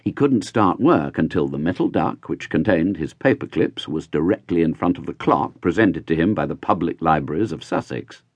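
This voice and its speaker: A man reading a novel aloud as an audiobook narrator in a wry, measured storytelling manner. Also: a bass voice, lively intonation, husky, dry recording. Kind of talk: scripted narration.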